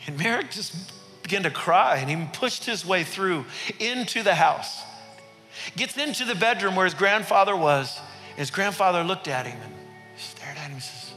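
Bright-voiced preacher telling a story in a hall. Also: male voice, fairly high pitch, moderate pace. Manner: dramatic, building intensity. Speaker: pastor. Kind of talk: sermon storytelling. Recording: reverberant hall with faint music.

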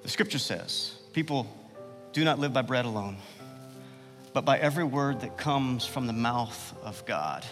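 A man's voice: expressive, measured pace, fairly bright tone, big-room sound, faint music behind. A man preaching a sermon with passion, asking the listeners questions and letting his voice swell at key points. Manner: passionate, rhetorical questions, swells in pitch and volume. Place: church sanctuary.

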